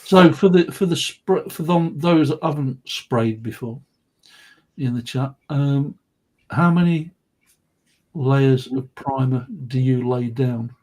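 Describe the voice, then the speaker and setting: Host, steers the chat, slightly husky voice. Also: male voice, mid-range voice, slow, darkish tone, poor audio. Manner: steers the chat, calls on guests by name. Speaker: host of a modelling live chat. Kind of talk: casual chat.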